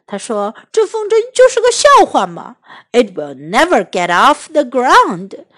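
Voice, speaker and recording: Woman voicing a discouraged male toad for a storybook; complaining, high voice. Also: huge pitch swings, measured pace, fairly bright tone, full character voice. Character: gloomy, quick-to-quit male toad.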